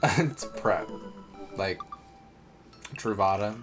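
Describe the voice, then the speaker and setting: A man's voice: lowish voice, lively intonation, very slow, over music. A man streaming a game live, chatting and joking with his viewers. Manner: chatty, joking, talks straight to chat. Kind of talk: casual live-stream chat while playing.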